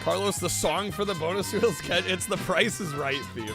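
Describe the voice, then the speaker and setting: Background music plays under the high-pitched voice of a streamer host speaking at normal speed. He keeps things laid-back on his casual livestream, chatting and thanking viewers.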